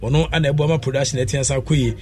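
Steady in tone and mid-range in voice, a man with a Ghanaian accent speaks quickly while hosting a sports radio program. The talk is casual and rambling, with lots of fillers and frequent switches between Twi and English.

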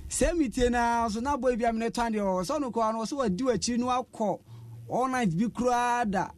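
A man's voice: extremely high pitch, a little fast. A Ghanaian man being interviewed as a radio listener, telling his stories animatedly and mixing in English words. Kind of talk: casual interview in Twi.

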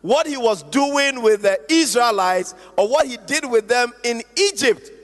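A man's voice: very high-pitched, animated, fairly bright tone, faint music behind. A man preaching a sermon to a congregation, calling for responses and stretching out key phrases. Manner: call-and-response preaching, drawn-out emphatic phrases. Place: church hall. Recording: echoey hall with long reverb.

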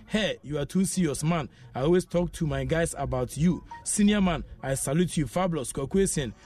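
Chatty Ghanaian radio host, higher voice. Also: male voice, moderate pace, darkish tone, soft background music. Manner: chatty, laughing, mixing in local phrases. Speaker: radio sports show host. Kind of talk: reading listener messages on air. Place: radio studio.

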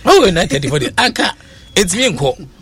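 A Ghanaian man hosting a call-in radio talk show, switching quickly between languages, full of fillers. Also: sits high, a little hiss or hum. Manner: animated, rapid code-switching with many fillers.

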